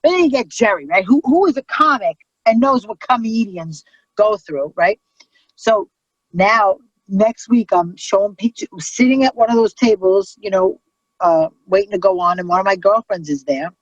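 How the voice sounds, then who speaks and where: A middle-aged woman comedian, telling stories in a brash, profane, animated way. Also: mid-range voice, normal speed, breathy edge, dry recording, highs cut off. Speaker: comedian guest. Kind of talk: casual storytelling chat.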